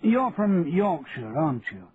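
A man's voice: on the high side, very animated, measured pace, voice pushed up. Brief: male reader as a courteous, persuasive young London man, lo-fi phone-like sound. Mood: earnest. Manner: polite and persuasive. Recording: tinny lo-fi radio recording, faint hiss.

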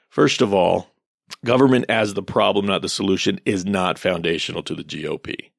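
A man's voice: deep voice, normal speed, vocal fry, dry recording, clean studio sound. A man in his thirties giving casual commentary on online posts, ranting in a sarcastic, profane way.

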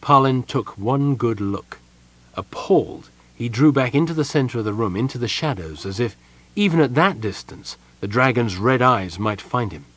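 A man narrating a fantasy audiobook with expressive, varied storytelling. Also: medium pitch, moderate pace, poor audio. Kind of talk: scripted narration.

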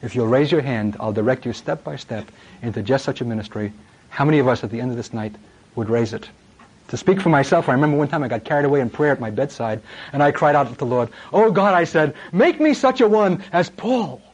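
A middle-aged man preaching a sermon, impassioned and dramatic, swinging from loud emphasis to hushed words. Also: medium pitch, fast, husky, poor audio.

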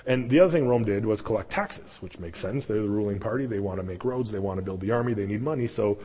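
A man's voice: on the low side, quick pace, mellow, husky, long reverb tail. A man preaching a sermon as pastor, talking in a loose, conversational way with restarts and emphatic stresses. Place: church sanctuary.

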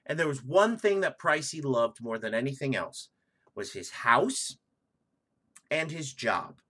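A man co-hosting a casual comedy podcast, swearing freely as he tells the story. His voice is husky yet bright, and it swings lively up and down. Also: medium pitch, a little slow. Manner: profane, loud and animated storytelling. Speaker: podcast co-host.

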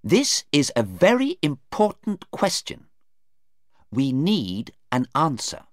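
A man reading as a sharp, insistent defence lawyer. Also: fairly high pitch, huge pitch swings, takes it slowly, no echo, clean studio sound, voice pushed up, heavily acted. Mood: probing. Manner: pointed, insistent questioning. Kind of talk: read-aloud storybook dialogue.

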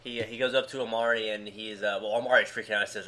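A man's voice: on the low side, fairly even intonation, rapid-fire, pushed and bright. A man co-hosting a podcast, thinking aloud and floating theories while recapping a manga. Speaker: podcast co-host. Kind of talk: casual chat recapping a manga.

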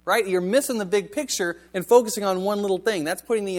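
A man's voice: high voice, fast, hardly any pauses. A male pastor giving a sermon in a conversational, wry manner, reading scripture and asking the congregation rhetorical questions.

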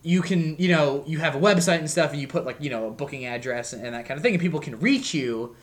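A man co-hosting a casual music podcast, rambling loosely and filling his talk with "like" and "um". He laughs at himself and talks in a relaxed, unpolished way. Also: fairly high pitch, quick pace. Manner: rambling, self-deprecating, lots of fillers. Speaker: podcast co-host. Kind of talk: casual chat.

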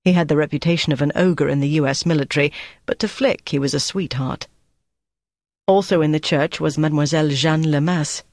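In this scripted audiobook narration, a medium-pitched reader tells a novel's story in an even, measured manner. There's no echo, and the studio sound is clean.

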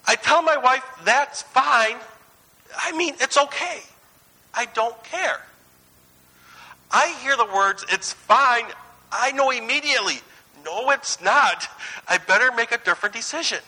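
Male preacher, 30s, high and very bright voice, chatty anecdotal sermon delivery. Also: normal speed, husky, poor audio. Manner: conversational, anecdotal, swings between lively and hushed.

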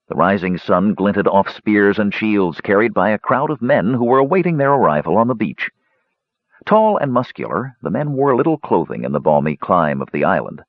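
A man reads a fantasy audiobook in a measured storytelling voice. His voice is very deep and husky, with lively pitch. The recording is dry and muffled. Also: no room sound. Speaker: audiobook narrator. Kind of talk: scripted fantasy narration.

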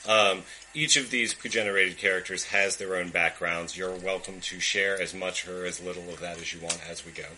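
Bright-voiced man narrating as game master. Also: sits low, fairly even intonation, moderate pace, few pauses, a little hiss or hum, low-quality recording. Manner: casual, filler-heavy narration with frequent laughs.

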